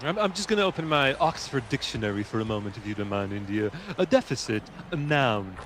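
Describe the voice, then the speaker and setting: A man's voice: medium pitch, big pitch swings, brisk, fairly bright tone, slight background noise, voice pushed down. Man doing a pompous, stuffy British-style announcer. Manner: mock-formal, theatrical, over-enunciated. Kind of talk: comic put-on commentary.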